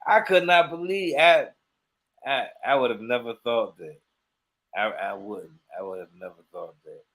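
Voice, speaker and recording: A man's voice: mid-range voice, moderate pace, a bit bright. A man telling a long story in casual chat, acting out quoted dialogue and laughing often. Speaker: podcast co-host.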